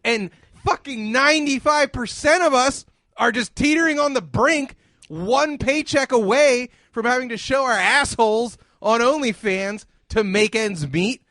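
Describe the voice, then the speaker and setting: A man with an unusually high voice rants through a podcast, swearing freely and bursting into shouts. The sound is close and dry, with no room around it. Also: no room sound. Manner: profane, ranting, often shouting. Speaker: podcast host. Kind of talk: ranting podcast talk.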